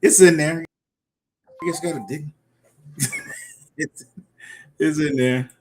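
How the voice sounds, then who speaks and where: A man's voice: fairly high pitch, takes it slowly, a little hiss or hum. Laid-back male livestream host. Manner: reads out viewer comments, laughs often. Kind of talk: casual live-stream chat.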